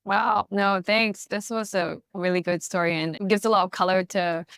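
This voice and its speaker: A woman's voice: mid-range voice, fairly even intonation, normal speed, fairly bright tone, clean tone, dry recording. A woman hosting a podcast, asking her guest questions and encouraging her to talk. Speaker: podcast host. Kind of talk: interview questions.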